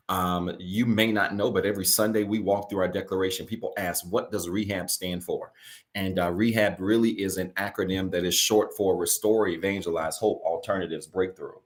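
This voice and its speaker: A man, a pastor speaking to a livestream church audience in a folksy, conversational way with many fillers, then leading a slow, emphatic call-and-response reading. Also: deep voice. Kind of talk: livestream church service address.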